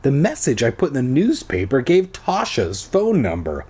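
A young man reading a storybook aloud with sarcastic asides, animated and playful. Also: medium pitch, moderate pace, breathy edge.

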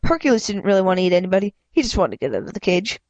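A woman's voice: sing-song, rapid-fire, a little mellow, no echo, muffled recording. A woman reading a children's chapter book aloud, often stumbling and restarting lines and stopping to apologize. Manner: reads with frequent stumbles and restarts, voicing characters with raised pitch; apologizes and comments between passages. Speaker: amateur reader.

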